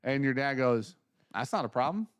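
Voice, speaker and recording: A man's voice: medium pitch, moderate pace, smooth, no room sound. Man animatedly telling stories, casual. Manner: animated storyteller, acts out quotes. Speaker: podcast co-host. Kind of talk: casual chat.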